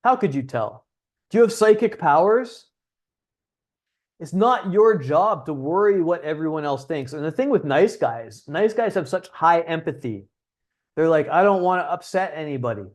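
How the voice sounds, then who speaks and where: A man's voice: fairly high pitch, animated, unhurried. A young man hosting a livestream, talking casually and bluntly as a dating coach, with frequent swearing. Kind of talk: livestream talk.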